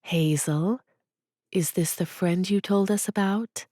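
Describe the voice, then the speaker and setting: A woman's voice: medium pitch, slow, mellow, dry recording, studio quality, close to an everyday voice. A woman voicing Agnes, a gracious, flamboyant older shop owner with a French accent, paying grand theatrical compliments.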